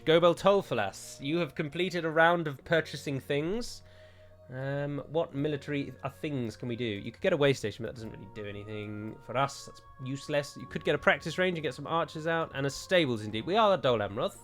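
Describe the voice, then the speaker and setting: Young let's-play host, jokey, mid-pitched, faint music behind. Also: male voice, lively intonation, a little fast, fairly bright tone. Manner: chatty, self-mocking and jokey. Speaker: gaming YouTuber.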